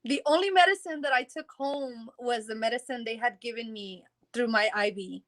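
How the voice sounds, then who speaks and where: A woman's voice: on the high side, normal speed, fairly bright tone. A woman telling her story in a casual interview, rambling and acting out what people said, with laughs in between. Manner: rambling, acts out quoted dialogue, laughs in between.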